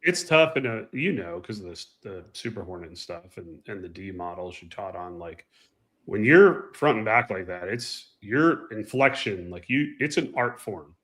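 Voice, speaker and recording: A man chatting casually as a show co-host, telling animated flying anecdotes and acting out the people in them. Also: fairly low pitch, normal speed. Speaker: co-host, former flight instructor. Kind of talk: casual storytelling chat.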